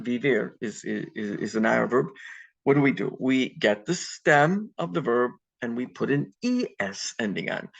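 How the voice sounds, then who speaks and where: A man with a gravelly, creaky voice teaches an online class, patient and methodical, with plenty of ums and restarts. The sound is dull and lo-fi, like a laptop mic on a video call. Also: medium pitch, a bit bright. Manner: patient, step-by-step explaining with many ums. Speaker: Spanish teacher. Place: home at computer on video call.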